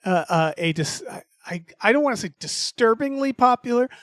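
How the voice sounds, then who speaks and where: A man's voice: very high-pitched, animated, normal speed, fairly bright tone, dry recording, clean studio sound. A man co-hosting a podcast in casual chat, rambling with many fillers and restarts. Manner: rambling, hesitant, full of fillers. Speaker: podcast co-host.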